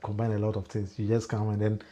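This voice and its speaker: Talking fast in a lowish voice, a Ghanaian man offers animated political commentary on his livestream. He mixes Twi and pidgin English, punctuating his points with emphatic rises and frequent laughs.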